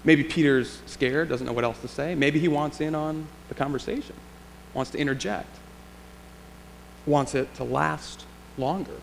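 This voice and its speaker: A man's voice: fairly high pitch, fairly even intonation, a little slow, vocal fry. A male pastor preaching a sermon in a church sanctuary, in a reflective, conversational way with rhetorical questions. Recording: long church reverb, faint hum.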